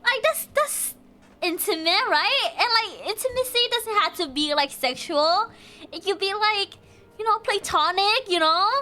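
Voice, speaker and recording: Streamer woman, casual chat, gushing and giggly, bright and crisp tone. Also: extremely high pitch, expressive, measured pace.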